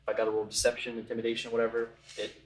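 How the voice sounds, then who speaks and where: A man talks through his thoughts in a relaxed, rambling way. His voice sits mid-pitch, carries room echo, and sounds a little away from the mic. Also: racing. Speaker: tabletop game player. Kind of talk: casual chat. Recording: roomy and distant from mic.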